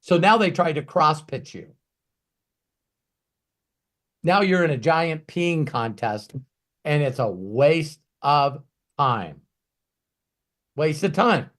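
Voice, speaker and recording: A man coaching in a Q&A talk, emphatic and ranting, swinging from quiet asides to loud bursts. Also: fairly high pitch, animated, slow pace, pauses often. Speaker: business coach.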